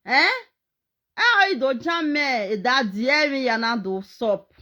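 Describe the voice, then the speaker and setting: A woman's voice: sits high, lively intonation, unhurried, pushed and bright. A Nigerian woman ranting on a live stream, mocking and scolding as she mixes pidgin and English.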